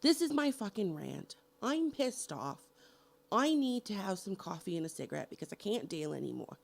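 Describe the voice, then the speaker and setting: A woman's voice: mid-range voice, very animated, moderate pace, creaky. A middle-aged woman vlogging a heated, profane rant about horror movies, hammering each point with emphasis. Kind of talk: angry movie rant to camera.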